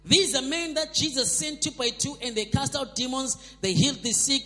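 A man's voice: extremely high pitch, normal speed, pushed and bright. A man preaching a sermon, emphatic and repetitive, calling on the congregation to respond. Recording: long hall reverb.

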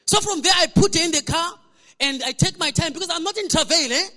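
Male pastor, storytelling sermon, very high bright voice, echoey church hall. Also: a little fast. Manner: storytelling, animated, repeats words when restarting.

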